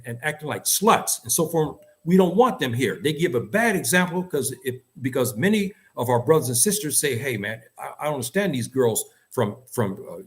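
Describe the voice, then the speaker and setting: A man in his fifties giving opinionated talk to camera, emphatic and repeating words as he restarts his sentences. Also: medium pitch.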